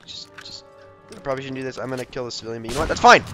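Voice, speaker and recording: A young man giving jokey, excitable commentary over a video game he is playing, often talking to the characters on screen. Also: medium pitch, very fast, soft background music. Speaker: gameplay commentator. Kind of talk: let's play commentary.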